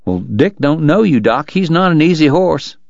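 A man's voice: a little high, expressive, moderate pace, creaky, darkish tone, dry recording, muffled recording, voice pushed up. A man voicing a terse, weary frontier lawman who talks bluntly. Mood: gruff.

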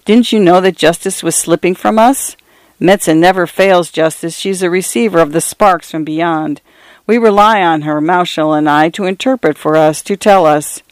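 A man reading a story aloud, voicing a fretful, excitable middle-aged husband who exclaims anxiously. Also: high voice, moderate pace, clear, resonant tone, no room sound, close to an everyday voice. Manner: anxious exclaiming, frets over others.

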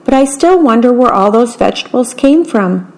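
A woman's voice: a little high, lively intonation, normal speed, low-quality recording. Strega Nona, a woman voicing a kindly old village witch. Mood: musing.

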